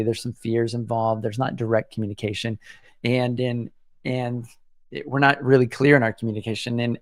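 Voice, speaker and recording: A man's voice: fairly low pitch, no room sound, clean studio sound. A man in his forties hosting a solo podcast, talking in an earnest, reflective way and often restarting his sentences. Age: 40s. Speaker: podcast host.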